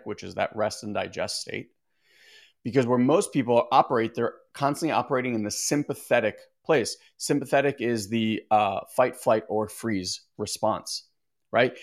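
Guy with a lowish voice rambling to his stream viewers, chatty, restarts a lot. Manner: rambling and conversational, often restarting sentences; reads out viewer comments. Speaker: meditation teacher hosting a live stream. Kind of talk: casual livestream talk to viewers.

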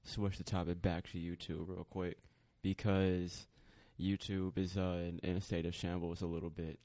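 A young man co-hosting a podcast, talking in a laid-back, steady way. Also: low-pitched, normal speed, no room sound. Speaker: podcast co-host. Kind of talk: casual chat.

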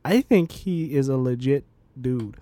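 A man's voice: medium pitch, a little slow, dark tone, no echo. A young man co-hosting a podcast in an easygoing casual chat, often drawling and trailing off. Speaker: podcast co-host.

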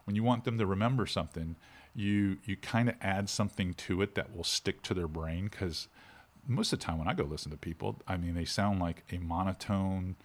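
A middle-aged man, a fishing instructor talking in a casual interview with animated, shifting inflection. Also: low-pitched, fairly quick.

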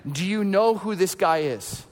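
A man voicing an anxious disciple who raises worried objections. He sounds uneasy and questioning. The high voice rings out with long hall reverb. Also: expressive, unhurried. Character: Ananias, anxious male disciple.

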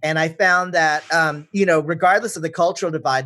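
Chatty man with a slightly high voice. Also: fairly quick, hardly any pauses, fairly bright tone. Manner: chatty, rambling questions. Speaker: host. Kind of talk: casual interview conversation.

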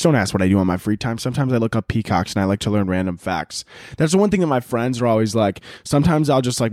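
Casting note: young male podcast host, mid-pitched, rambling and profane, very dry close-mic sound. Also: no echo. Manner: profane, rambling, swears constantly; acts out quotes in loud high-pitched bursts. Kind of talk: casual solo podcast rant.

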